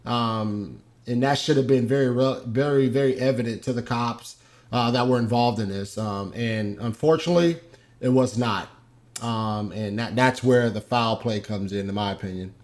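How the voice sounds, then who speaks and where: Male host, casual unscripted commentary, halting delivery with frequent fillers and restarts. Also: mid-range voice. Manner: hesitant, many ums and restarts.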